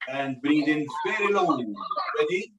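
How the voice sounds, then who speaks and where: A man's voice: a little high, unhurried, dull audio. A man facilitating a group sound ceremony, patiently instructing and counting breaths aloud as the group chants vowels together. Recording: live recording with steady noise and clicks.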